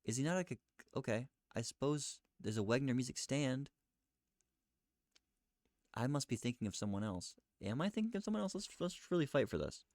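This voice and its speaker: A man thinking aloud as he looks things up, questioning himself and reading search results aloud in a halting, muttering way. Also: mid-range voice, lively intonation, a little mellow, no room sound, studio quality. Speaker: streamer researching live.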